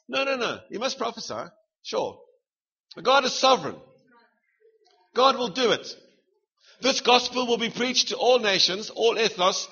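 A man's voice: high-pitched, creaky, pushed and bright, breathy edge, muffled recording. A middle-aged man with a South African accent preaching a sermon, punchy and humorous, firing rhetorical questions at the congregation.

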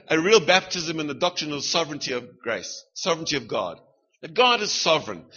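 A man's voice: high-pitched, sharp tone, slightly rough, muffled recording. A middle-aged man with a South African accent preaching a sermon, punchy and humorous, firing rhetorical questions at the congregation.

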